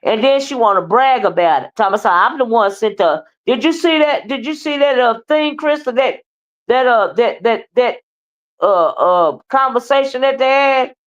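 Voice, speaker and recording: A woman's voice: fairly high pitch, expressive, normal speed, muffled recording. A woman hosting a casual livestream, scolding and sassy, with repeated "okay?" and "child.". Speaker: livestream host.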